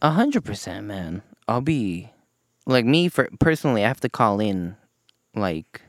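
A man's voice: fairly low pitch, big pitch swings, unhurried, no echo, studio quality. A man in casual podcast chat, telling crude stories with lots of laughing and swearing. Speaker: podcast co-host.

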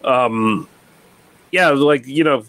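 A man's voice: mid-range voice, drawn-out words, fairly bright tone, no room sound. A man co-hosting a film review podcast, rambling in a laid-back way and swearing freely. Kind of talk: casual chat.

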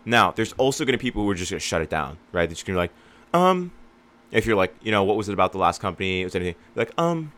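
Young male business coach, very low voice, casual and rambling, acts out customer calls. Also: big pitch swings, rapid-fire, a bit bright. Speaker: lawn care business owner and coach. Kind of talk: casual advice monologue.

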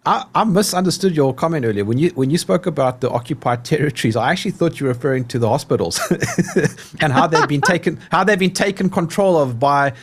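A man's voice: a little high, fast talker, breathy edge. A South African man hosting a podcast, chatting casually and laughing often. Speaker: podcast host. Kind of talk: casual chat.

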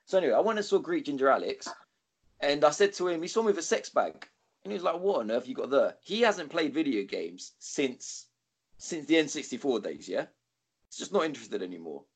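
Man, podcast co-host, lively up-and-down delivery, casual swearing, rambling anecdote. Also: a little high, brisk, breathy edge. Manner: rambling, swears freely, animated quoting. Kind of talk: casual storytelling chat.

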